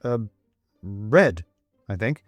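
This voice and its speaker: A man's voice: on the low side, animated, very slow, dry recording, soft background music. A man voicing a frightened, flustered little man who stammers and panics.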